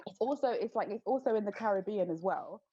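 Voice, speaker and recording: A woman's voice: mid-range voice, animated, fast talker, dark tone, breathy edge. A woman co-hosting a casual podcast chat, teasing her co-host and laughing easily. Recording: dull lo-fi podcast audio.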